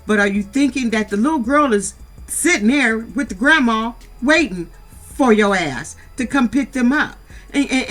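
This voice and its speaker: Middle-aged woman, reality-show recap host; bright, forceful delivery, blunt and profane, scolds the cast, faint music underneath. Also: mid-range voice. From San Diego, USA. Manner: blunt, scolding, swears freely. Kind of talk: casual profane recap commentary.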